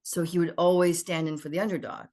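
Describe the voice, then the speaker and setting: A woman guest on a podcast, telling lively stories in casual chat and acting out what people said. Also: fairly low pitch, quick pace. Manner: animated storyteller who acts out dialogue.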